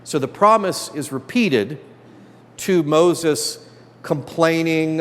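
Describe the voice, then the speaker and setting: Animated priest teaching in a reverberant hall. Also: male voice, on the high side, measured pace. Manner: animated, acts out characters' complaints. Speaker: priest teaching a Bible class. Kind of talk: classroom Bible lesson. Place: church hall.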